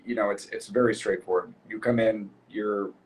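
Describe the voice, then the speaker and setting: A man in a casual chat, explaining step by step in a steady, plain way with small repeats. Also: on the low side, normal speed, slight background noise, rough recording.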